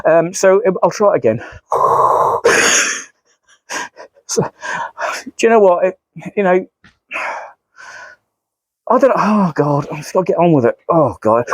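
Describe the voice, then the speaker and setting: A man's voice: sits high, expressive, slow pace, long pauses, bright, forceful tone, no room sound. Rambling, self-mocking man. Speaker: model railway YouTuber. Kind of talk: casual vlog chat.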